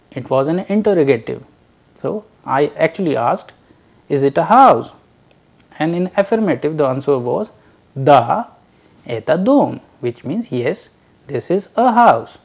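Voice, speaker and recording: A man giving a recorded lecture, teaching slowly and deliberately and drilling short example phrases. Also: fairly high pitch, gravelly, a little mellow.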